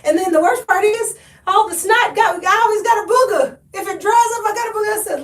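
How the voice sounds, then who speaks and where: A chatty, high-voiced woman shows off her thrift finds to viewers on a live stream. She is sniffly from allergies. The sound is echoey, with the mic set back from her in the room. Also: quick pace, distant mic. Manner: chatty and expressive, talks to viewers, laughs often. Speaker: thrift haul host. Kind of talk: live-stream haul chat.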